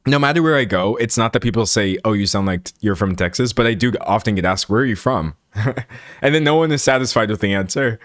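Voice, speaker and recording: A young American man in his twenties talking loosely to his livestream audience, rambling from one thought to the next and laughing as he goes. His voice sits a little low, and the recording is dry and close at a desk mic. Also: a bit bright, dry recording. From United States. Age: 20s. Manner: chatty and rambling, laughs often. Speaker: livestream host. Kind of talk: casual livestream chat with viewers.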